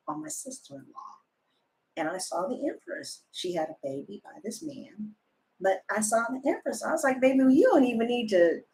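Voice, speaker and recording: A woman tarot reader telling a story to her viewers in a chatty, animated way, full of fillers and sudden loud high exclamations. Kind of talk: casual storytelling chat to live viewers.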